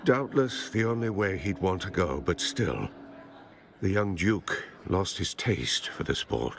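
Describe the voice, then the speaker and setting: An actor playing a stern male bar host in a video game, speaking slowly and gravelly with dry menace. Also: deep voice, expressive, a bit bright, heavily acted. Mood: storytelling. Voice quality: gravelly, slow and measured. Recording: game audio under music.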